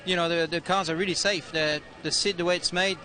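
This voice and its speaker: Hesitant young driver on the grid. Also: male voice, high voice, steady tone, fairly quick, sharp tone. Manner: hesitant, many fillers. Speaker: racing driver. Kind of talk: interview answers. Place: outdoors on a race grid.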